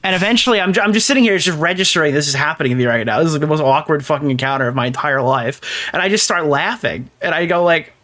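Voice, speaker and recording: A young man co-hosting a podcast, telling a story in a fast, animated, profane way and acting out the quotes. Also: a little high. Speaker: podcast co-host. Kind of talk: casual storytelling chat.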